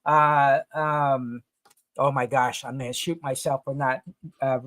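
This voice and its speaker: A man co-hosting a casual podcast, telling stories in an emphatic, animated way. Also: mid-range voice, unhurried, no echo. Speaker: podcast co-host, comic retailer. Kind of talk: casual chat.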